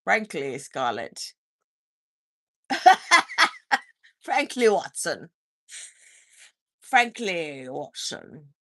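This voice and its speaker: A woman's voice: low-pitched, sing-song, extremely slow, gravelly, long pauses, fairly bright tone, no room sound, studio quality. A woman hosting a casual livestream, chatting and teasing as she reads viewer comments, often laughing and singing short snippets. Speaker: livestream host. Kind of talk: casual live chat reading comments.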